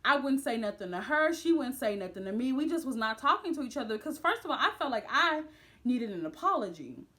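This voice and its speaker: A young woman, retelling campus drama for her vlog in a bright, high voice. She gets dramatic and animated, jumping up in pitch whenever she acts out what people said. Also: a little fast. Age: young adult. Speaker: vlogger. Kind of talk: storytime vlog, casual retelling.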